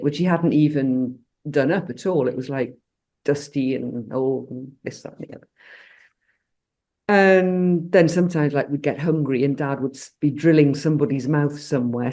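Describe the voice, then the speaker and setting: A woman's voice: sits low, mellow. Rambling older woman. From Britain. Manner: rambling storyteller with many restarts and fillers. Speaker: coach. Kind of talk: casual group discussion.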